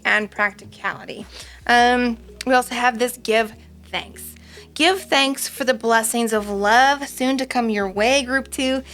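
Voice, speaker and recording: A woman's voice: fairly high pitch, fairly bright tone. A woman doing a casual pick-a-card tarot reading, chatty and rambling, with frequent ums. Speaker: tarot reader.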